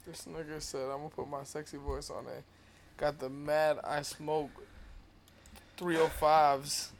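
A man's voice: a little high, level tone, a little slow, gravelly, a little hiss or hum. A man co-hosting a casual podcast chat with blunt, teasing, profane banter. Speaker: podcast co-host.

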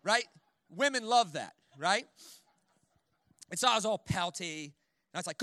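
A man preaching a sermon in a church in an animated, conversational way, full of jokes and quick "right?" asides. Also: high-pitched, no echo, studio quality. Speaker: guest preacher. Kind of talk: sermon with storytelling.

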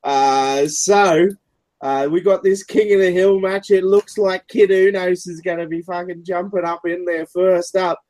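A man's voice: high voice, fairly even intonation, unhurried, darkish tone, dry recording, pitched above the performer's own voice. A man voicing a crude, rowdy female wrestling announcer with an exaggerated Australian accent. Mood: hyped commentary. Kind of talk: improvised character voice.

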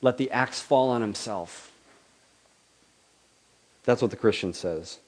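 A man's voice: mid-range voice, slow. A man preaching a sermon in a conversational, questioning way, often acting out the voices he quotes.

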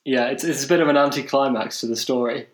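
A man's voice: medium pitch, steady tone, fast. A man from England, co-hosting a podcast, telling a rambling, self-deprecating story in casual chat. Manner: self-deprecating, rambling, many fillers and restarts. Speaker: podcast co-host. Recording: roomy echo.

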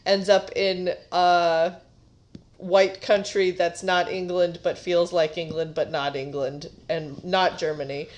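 A woman's voice: lowish voice, level tone, takes it slowly, darkish tone, lo-fi sound. A woman co-hosting a podcast, chatting casually, rambling and giggling about pop culture. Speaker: podcast co-host. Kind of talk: casual comedic chat.

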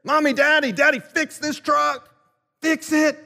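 A man's voice: very high-pitched, level tone, unhurried, gravelly, bright, forceful tone, voice pushed up, full character voice. A man preaching voices a whiny eight-year-old boy begging his father to fix a broken toy, in a big reverberant hall. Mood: wailing. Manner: whiny, pleading.

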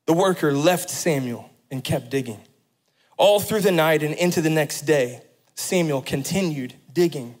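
A middle-aged pastor delivering a sermon, with a fairly high voice for a man. He tells a story steadily, then lifts into impassioned, emphatic preaching. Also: a little slow, rough recording.

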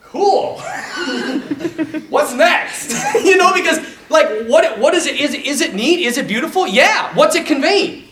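Animated priest telling a story in a roomy hall. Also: male voice, very high voice, fairly quick, hardly any pauses, a little hiss or hum. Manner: animated, laughs often, acts out quotes. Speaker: Catholic priest speaking to a group. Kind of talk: casual talk with a story. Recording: roomy hall, distant mic.

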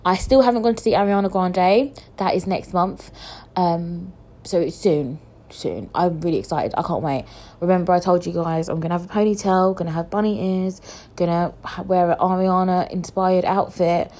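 Young girl vlogging, lowish voice, super chatty, laughs lots, swears casually. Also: normal speed, darkish tone. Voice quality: visually impaired speaker. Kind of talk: casual chat to camera.

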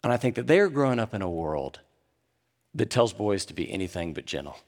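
A middle-aged man preaching a sermon, swinging between animated emphasis and hushed, quiet moments. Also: fairly low pitch, fairly quick. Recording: long hall reverb.

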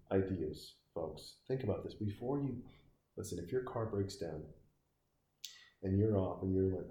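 A man's voice: low voice, warm tone, echoey room. A man giving crude, sarcastic, rambling comedic commentary while reacting to a film.

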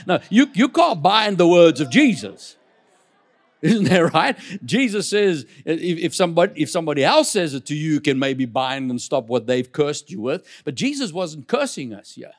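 A man pastor preaching a sermon in church, with lively delivery, frequent asides and repeated words. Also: medium pitch, normal speed.

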